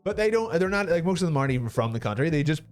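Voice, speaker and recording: A man's voice: a little high, big pitch swings, racing, clear, resonant tone, soft background music. A Northern Irish man co-hosting a comedy talk show, throwing in dry, mocking and sweary remarks. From Northern Ireland. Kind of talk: casual comedic banter.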